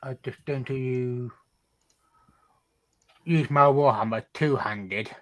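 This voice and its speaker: A man playing a tabletop role-playing game, speaking slowly and hesitantly. He fills his pauses with fillers as he works out what to do on his turn. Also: mid-range voice, fairly bright tone. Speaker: player. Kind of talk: casual tabletop game play.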